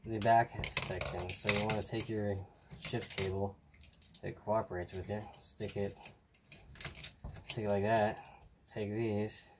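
A low-pitched man walks through a hands-on build in a loose, rambling way, half talking to himself and trailing off mid-thought. He sounds tired. The camera mic picks up a clear, steady hiss of background noise. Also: a little slow, pauses often. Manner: rambling, talks to himself while working, trails off. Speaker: hobbyist showing a model truck build. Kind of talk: casual hands-on tutorial.

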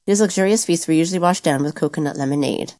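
Fast-reading low-voiced woman narrator. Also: a little mellow. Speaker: audiobook reader. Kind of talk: scripted narration of a novel.

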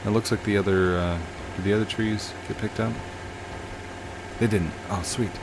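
A man's voice: lowish voice, steady tone, moderate pace, background noise. A man casually commenting while he plays a building game, chatting to himself and his viewers. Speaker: let's play host.

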